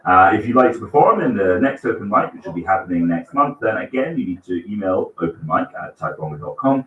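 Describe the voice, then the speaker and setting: A man's voice: fairly low pitch, sing-song, fast, phone-quality sound. A man hosting an open mic night in a small bookshop, chatting in a rambling, self-mocking way with many fillers. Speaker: open mic host and singer. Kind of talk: casual stage patter and comic song with guitar. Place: small bookshop stage, live audience. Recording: roomy bookshop, mic at a distance. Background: guitar.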